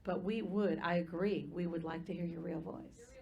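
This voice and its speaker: A woman voice teacher judging a live singing competition, giving measured, practical technical advice. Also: on the low side, fairly even intonation, gravelly, lo-fi sound. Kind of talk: live judge's critique. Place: live performance venue.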